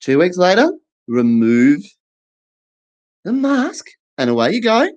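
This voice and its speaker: A man's voice: high-pitched, wildly swooping pitch, slow, a little mellow, dull audio. A man doing a stand-up comedy set to camera, chatty and playful, acting out little scenes.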